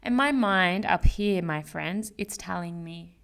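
A woman's voice: lowish voice, unhurried, gravelly, smooth. A young woman hosting a casual solo podcast, chatty and full of slang, fillers and swearing. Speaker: podcast host. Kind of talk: casual motivational monologue.

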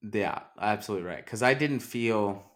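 A podcast host with a lowish, slightly bright voice talks at length at a moderate pace in a casual movie discussion. He's talkative, filling his speech with many "likes" and restarts.

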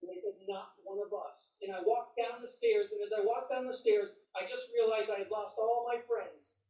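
A man's voice: sits high, steady tone, normal speed, dark tone. Older man, personal faith testimony, acts out quoted voices; roomy, muffled sound. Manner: storytelling, acting out quoted voices. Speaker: speaker giving testimony. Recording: distant, roomy, dull sound.

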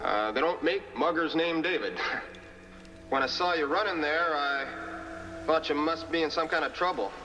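A man's voice: a little high, moderate pace, pushed and bright, soft background music. A nervous, polite young man. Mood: reassuring. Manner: hesitant, reassuring, stammering. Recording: roomy film audio with reverb and score.

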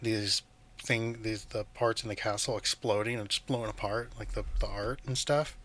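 Man, podcast co-host, excited, laughs a lot, fairly low voice. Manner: enthusiastic, laughs often, acts out scenes in quick voices. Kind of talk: casual film discussion.

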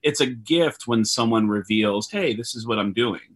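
Husky low-voiced man telling stories. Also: normal speed. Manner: rambling anecdotes, acts out quoted voices. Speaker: comedian guest. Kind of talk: casual storytelling. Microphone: video call.

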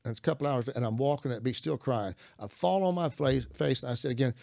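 Gravelly older man telling his testimony. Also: medium pitch, lively intonation, fast talker, few pauses, a little mellow, no room sound, studio quality. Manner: earnest storytelling, acts out his own prayers. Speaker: guest minister. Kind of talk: personal testimony in conversation.

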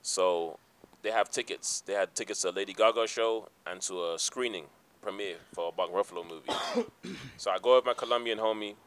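A man's voice: fairly low pitch, brisk, background noise. A man on a podcast telling a personal story in casual chat, repeating phrases and acting out what people said. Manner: animated storyteller, acts out quotes, repeats phrases.

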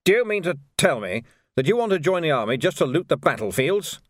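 A man's voice: on the high side, sing-song, a little fast, no room sound, clean studio sound, voice pushed up. A man voicing a pompous, easily flustered army major who talks in an indignant officer's manner.

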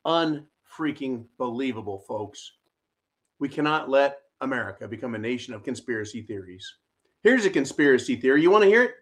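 A man hosting a ranting political commentary show, sarcastic and mocking, with loud asides to his viewers. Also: mid-range voice, lively intonation, normal speed. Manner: sarcastic, mocking, shouty rants with audience asides.

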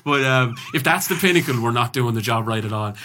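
An Irish podcast host talks casually and tells stories, swearing plenty as an animated storyteller. His voice is medium-pitched and a little fast, with slight background noise.

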